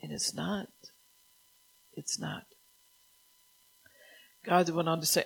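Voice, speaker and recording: Gravelly-voiced woman preaching a sermon. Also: deep voice, fairly even intonation, takes it slowly, pauses often, poor audio.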